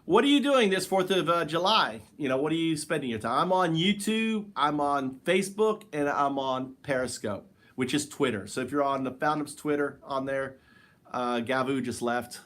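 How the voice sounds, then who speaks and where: A man's voice: a little high, animated, normal speed, a bit bright. A man hosting a casual livestream from his home, sitting on the floor and rambling loosely as he talks straight to viewers and answers the chat. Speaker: livestream host.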